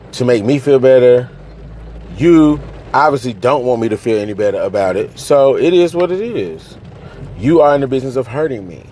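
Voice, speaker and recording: A man in an angry, profane rant, swinging between raised outbursts and low, bitter muttering. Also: dark tone, slight background noise.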